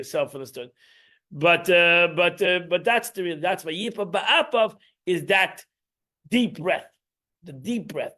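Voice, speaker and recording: A man's voice: high-pitched, a bit bright. A man, teaching an informal Torah class in a rambling, emphatic way, restarting and repeating himself.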